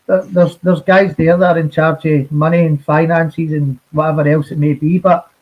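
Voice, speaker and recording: A man guesting on a football podcast, talking in a halting way with lots of repeated words and swearing. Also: on the high side, level tone. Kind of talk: casual football podcast chat. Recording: dull lo-fi audio.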